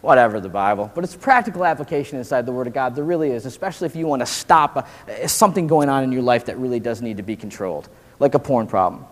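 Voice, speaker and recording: A man's voice: mid-range voice, fast. Slangy male pastor in a reverberant hall. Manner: slangy and animated, says "dude" and "man" often. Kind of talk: casual sermon to college students.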